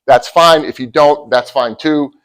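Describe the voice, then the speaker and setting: A middle-aged man giving a motivational talk to college athletes, telling a personal story and swinging from loud bursts to hushed asides. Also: a little high, measured pace, smooth, low-quality recording. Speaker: motivational speaker.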